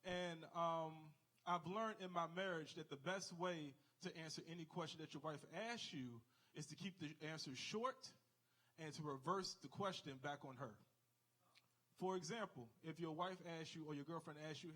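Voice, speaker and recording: A man's voice: sits high, normal speed, a bit bright, rough recording. A man in his thirties doing a live stand-up set on a club stage, chatty and rambling, checking in with the crowd. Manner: conversational, rambling asides, crowd questions. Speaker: stand-up comic.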